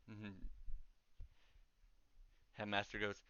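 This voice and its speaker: Bright-voiced, rambling game master. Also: male voice, on the low side, level tone, unhurried, long pauses, dry recording, dull audio. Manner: casual, rambling, filler-heavy narration. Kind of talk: narrating a tabletop game.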